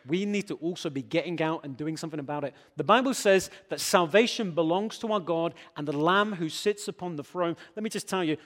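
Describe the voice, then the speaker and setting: A man preaching a sermon, stammering on repeated words, then building to emphatic, forceful peaks. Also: a little high. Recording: long hall reverb.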